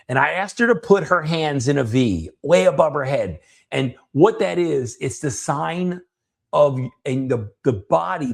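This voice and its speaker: A man, a coach hosting his own show, telling a story in a casual, earnest way with frequent restarts and the odd swear word. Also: mid-range voice. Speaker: coach and podcast host.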